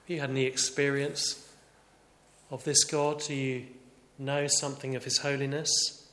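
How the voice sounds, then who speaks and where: A man's voice: medium pitch, flat delivery, normal speed. Earnest male preacher in an echoey hall. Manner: earnest, shifting between raised emphasis and quiet reflection. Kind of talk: sermon.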